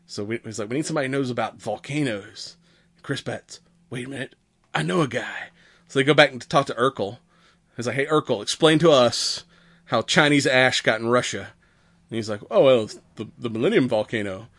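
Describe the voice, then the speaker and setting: A man's voice: medium pitch, fairly quick, a bit bright, dry recording. A man casually recaps a movie on a podcast, rambling along and swearing freely as he acts out the characters' lines. His voice sits mid-range, and the recording is dry and close. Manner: rambling, profane, acts out quoted characters with laughs. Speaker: podcast host.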